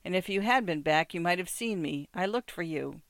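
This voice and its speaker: A reader doing a wry middle-aged man in a storybook scene, teasing and gently insistent with a woman he once loved. His voice sits at a middle pitch, close and dry with no room sound. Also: lively intonation, moderate pace, creaky, no room sound.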